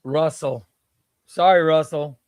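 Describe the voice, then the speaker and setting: A man with a slightly high voice keeps a steady tone and slow pace while hosting a relaxed comic book livestream. Chatting with his audience, he names each viewer knocked out of the giveaway wheel and exclaims at every elimination.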